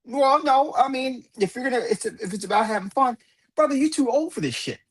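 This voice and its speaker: Lively high-voiced man, mock-lecturing. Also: fairly quick. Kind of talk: casual comedic banter on a live stream.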